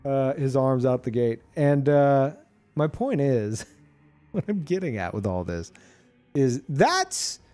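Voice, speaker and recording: A man streamer chatting casually about a video game, animated and profane, laughing often. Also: medium pitch, slow, soft background music.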